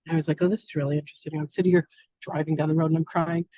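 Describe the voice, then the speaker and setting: Female spiritual teacher, live-stream host, mellow tone, dry lo-fi audio. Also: low-pitched, little pitch movement, rapid-fire, dry recording. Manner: effusive, affectionate, spiritual. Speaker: spiritual teacher hosting an online masterclass. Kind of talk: casual live-stream chat.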